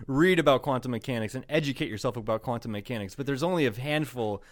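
A man's voice: mid-range voice, fast, no echo, clean studio sound. A man co-hosting a podcast, telling rambling stories in casual chat, swearing and laughing often. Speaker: podcast co-host.

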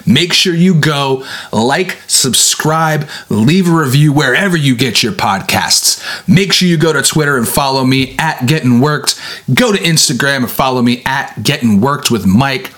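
A man hosting a podcast, chatting casually and reading odd news aloud with animated delivery. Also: medium pitch, measured pace. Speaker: podcast host. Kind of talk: casual chat.

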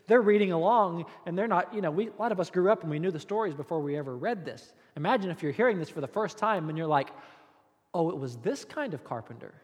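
A male pastor delivers a sermon with a fairly high voice. He tells the story in an animated way, playful asides and jokes in between. A long reverb from the hall trails behind him.

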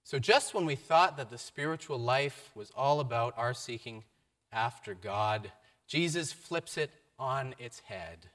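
A man giving a sermon, telling a story with varied emphasis and a mid-pitched voice. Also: expressive, measured pace, fairly bright tone. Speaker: preacher.

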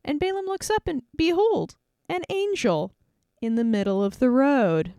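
A woman's voice: sits high, lively intonation, a little slow, mellow, smooth, no echo, clean studio sound. A woman retelling Bible stories in a casual, playful way, with wry asides. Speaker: Bible teacher.

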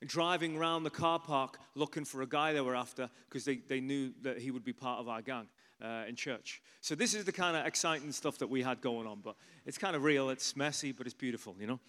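A man, a pastor telling a story in a sermon, chatty and animated with frequent asides. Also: mid-range voice, fairly quick, in a large hall.

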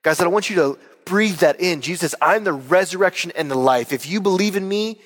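A man's voice: high-pitched, a little fast, long reverb tail. A man preaching a sermon as pastor, earnest and emphatic, repeating key words for weight. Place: church hall.

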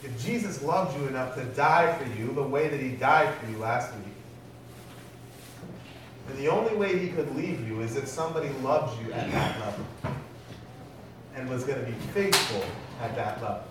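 With a medium-pitched, expressive voice, this pastor preaches at a moderate pace, leaving long pauses and often putting questions to his listeners in a conversational way. The sound is distant and echoey, as in a large hall, with faint noise underneath.

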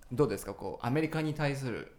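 Guy hosting, talks super fast, voice jumps around a lot. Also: mid-range voice, lively intonation, darkish tone. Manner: friendly, quick, many fillers. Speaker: host. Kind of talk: casual chat.

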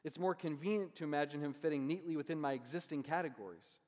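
A pastor preaches conversationally, often checking in with listeners by asking "right?" He talks fast in a somewhat high, slightly mellow voice, and a long hall reverb trails his words.

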